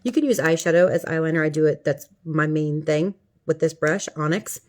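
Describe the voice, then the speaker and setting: A woman's voice: low voice, a little fast, darkish tone. A middle-aged woman talking viewers through a makeup tutorial in a chatty, playful way. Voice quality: chatty, playful, talks to viewers as she works. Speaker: makeup vlogger.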